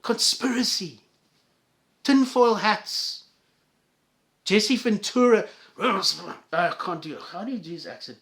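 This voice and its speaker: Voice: medium pitch, slow pace, long pauses, a bit bright. A vlogger delivering an angry, profane solo rant to viewers, with heated stammering restarts.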